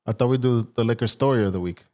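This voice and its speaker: A man's voice: mid-range voice, rapid-fire, mellow. A man co-hosting a podcast, wry and keen on keeping the show's structure. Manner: wry, keeps the show on its structure. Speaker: podcast co-host. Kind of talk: casual chat.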